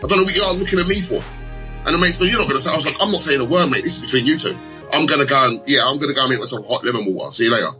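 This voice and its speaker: A young man chatting casually, telling animated stories and acting out arguments in raised voices. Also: mid-range voice, racing, soft background music, low-quality recording. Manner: animated storyteller, acts out quarrels in raised voices. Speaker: betting shop assistant manager. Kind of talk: casual chat.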